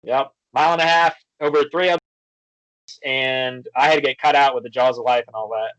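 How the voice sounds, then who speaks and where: A man guest on a podcast, chatting casually and telling animated stories, acting out the quoted back-and-forth. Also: medium pitch, fairly quick, dry recording, lo-fi sound. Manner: storytelling, animated, acts out quoted exchanges. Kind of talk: casual chat.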